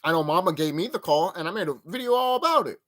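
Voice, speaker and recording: A man hosts his own channel and delivers an emphatic, profane rant in reaction to a clip. His voice swings widely in pitch as he pushes his points hard. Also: lively intonation, quick pace, fairly bright tone. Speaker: channel host.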